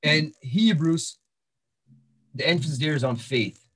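Male preacher with a fairly high voice, teaching verse by verse, loose and halting. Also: a bit bright. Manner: walks through verses, repeats words and restarts, frequent fillers. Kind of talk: sermon-style Bible teaching.

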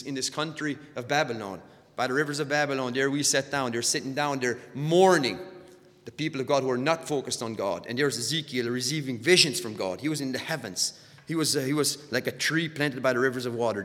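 A man preaching a sermon with a middle-pitched voice. He trips over repeated words as he builds, pushing harder on the lines he wants to land. The sound rings with a long reverb, as in a large hall. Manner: repeats words when stirred, surges louder on key points.

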